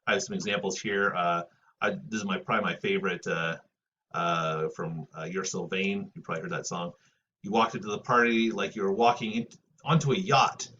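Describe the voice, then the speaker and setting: A man's voice: fairly low pitch, sharp tone. A man teaching an English lesson in a rambling lecture style, full of fillers and restarts. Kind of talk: recorded lecture. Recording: dull, lo-fi, faint hiss, mic at a distance.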